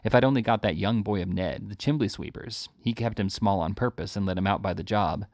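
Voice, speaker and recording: Brief: man reading a gruff, low-voiced brutish burglar for a storybook, dry close sound. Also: a little fast, a little mellow, dry recording, lightly acted. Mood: surly. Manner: blunt and gruff. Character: brutish adult male housebreaker, surly and short-tempered.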